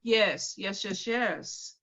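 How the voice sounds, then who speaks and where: A woman's voice: medium pitch, drawn-out words, lo-fi sound, slight background noise. A woman co-hosting a casual chat, telling stories animatedly and acting out what others said. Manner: animated storyteller, acts out quotes. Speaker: co-host.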